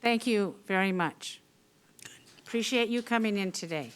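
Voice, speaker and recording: Woman meeting chair, brisk, formal, clear voice. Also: medium pitch.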